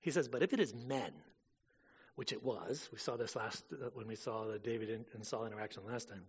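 A man preaching a sermon in a casual way, full of fillers, rising loud and dropping soft. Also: mid-range voice, a little fast, husky, lo-fi sound. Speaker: pastor.

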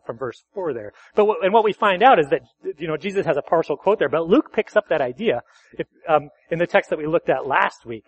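A pastor delivers a conversational sermon at a church service, correcting himself and posing questions to the congregation. His male voice is a little high and slightly rough, and the recording sounds muffled.

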